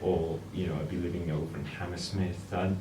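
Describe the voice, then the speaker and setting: Deep-voiced guy rambling through a story, echoey room, some background noise. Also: little pitch movement, fairly quick, far from the mic. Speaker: film guest. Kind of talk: casual chat.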